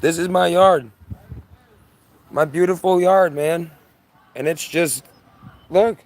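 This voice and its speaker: A man streaming live outdoors from his yard on a phone camera. He comments on the sky in an urgent, excitable way and keeps repeating himself. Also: a little high, takes it slowly. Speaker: livestreamer.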